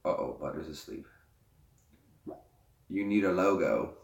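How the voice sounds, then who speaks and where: A low-voiced man chats casually with his viewers, rambling and joking. His voice rings out in a roomy, echoey space. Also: expressive, gravelly, far from the mic. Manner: joking, rambling, quick to laugh. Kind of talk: casual chat. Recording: echoey room.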